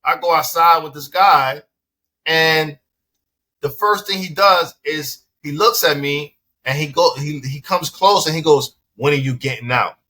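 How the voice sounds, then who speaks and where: A man's voice: fairly high pitch, a little slow, sharp tone. A man from the Bronx, a business owner telling a story in a casual interview, acting out both sides of the exchanges and swearing freely. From the Bronx, New York. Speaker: dispensary owner, podcast guest.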